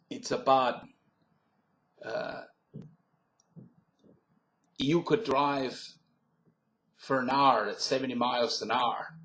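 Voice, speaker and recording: Man doing a Pennsylvania Dutch local. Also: mid-range voice. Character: homespun male Pennsylvania Dutch local, talkative. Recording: roomy webcam recording.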